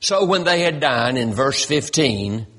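A man preaching a sermon in a slow, folksy, emphatic way, drawing out his words. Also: mid-range voice, expressive, fairly bright tone.

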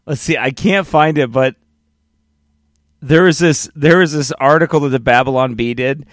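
A man commenting on a preaching clip, mocking it, animated, often laughing. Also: medium pitch, normal speed, no room sound, clean studio sound. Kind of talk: reaction commentary.

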